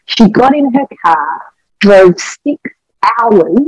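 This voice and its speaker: A woman's voice: mid-range voice, animated, slow, darkish tone, breathy edge, no room sound, low-quality recording. A middle-aged Australian woman, the wife of a pastor, tells church stories in an earnest and emotional way, with a lot of animation. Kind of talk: testimony storytelling on a podcast.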